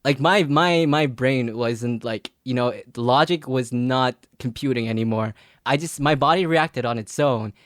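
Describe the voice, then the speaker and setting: A man's voice: medium pitch, unhurried, fairly bright tone, no echo, studio quality. A young man, a podcast co-host telling a long story in casual chat, full of fillers and restarts and laughing as he goes. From Philippines. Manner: rambling, filler-heavy, laughs through his story.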